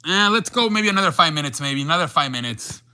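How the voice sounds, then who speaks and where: A young man hosting a sports stream, talking loosely to his chat with lots of restarts. His voice sits a bit high and sounds bright and forceful. He keeps it casual and unscripted. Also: lively intonation, fast talker. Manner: rambling, restarts, reads chat aloud. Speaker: sports show host.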